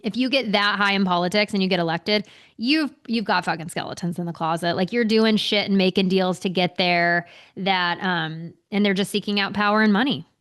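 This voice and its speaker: A woman's voice: medium pitch, brisk, fairly bright tone. A young adult woman co-hosting a podcast, ranting heatedly in casual chat and swearing a lot. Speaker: podcast co-host.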